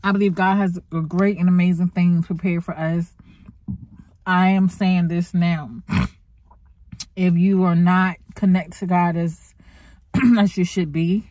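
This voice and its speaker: A woman's voice: fairly low pitch, steady tone, unhurried, pauses often, darkish tone, dry recording. A woman vlogger chatting to her viewers in a heartfelt, faith-filled way, calling them honey and y'all. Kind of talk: casual chat to camera.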